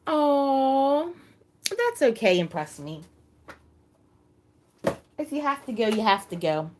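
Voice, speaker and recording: A middle-aged woman hosting a casual live chat with her viewers, talking in a halting way and repeating words as she gets emotional. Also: mid-range voice, sing-song, a little hiss or hum. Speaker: livestream host.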